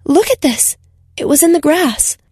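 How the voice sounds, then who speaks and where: A woman's voice: high voice, animated, measured pace, a little mellow, dry recording, clean studio sound, pitched above the performer's own voice. A woman voicing a bold, scheming young female filmmaker who talks in an urgent, insistent way. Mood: excited.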